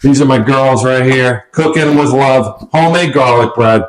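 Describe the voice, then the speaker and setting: A man, a dad, hosting a casual family cooking show in a home kitchen with playful hype-man patter and shout-outs. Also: medium pitch, normal speed, slight background noise, poor audio.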